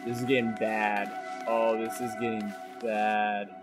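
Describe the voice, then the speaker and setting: Excitable man narrating his gameplay. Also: fairly low pitch, unhurried, loud music behind the voice. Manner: excitable, muttering to himself, counting taps. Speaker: gameplay commentator. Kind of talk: let's play commentary.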